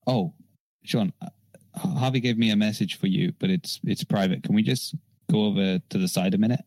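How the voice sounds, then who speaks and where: A man's voice: fairly low pitch, brisk, a little mellow, no room sound, rough recording. A man playing a tabletop game, talking through plans in a playful, scheming way and chuckling now and then. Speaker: player. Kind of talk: casual tabletop game play.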